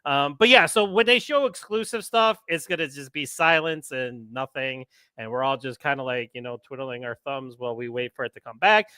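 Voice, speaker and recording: A man hosting a live podcast stream, chatting casually and rambling excitedly with lots of fillers. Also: medium pitch, moderate pace, few pauses, smooth, no echo. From United States. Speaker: podcast host.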